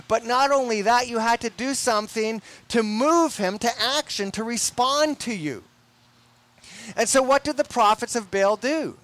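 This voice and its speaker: Slow, emphatic young male preacher. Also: sits high, a bit bright. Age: young adult. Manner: deliberate, emphatic, repeats words. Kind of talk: sermon.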